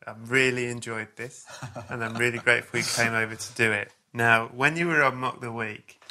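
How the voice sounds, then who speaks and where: A man's voice: medium pitch, steady tone, normal speed, pushed and bright. A man hosting a podcast, chatting casually with dry, teasing banter. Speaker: podcast host. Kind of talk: casual chat.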